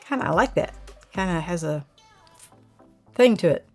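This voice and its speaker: Oklahoma lady w a twang, kinda low voice, rambly casual chat w her viewers, faint music behind. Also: moderate pace, long pauses. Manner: rambling and chatty, answers viewer comments. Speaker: channel host reviewing camera gear.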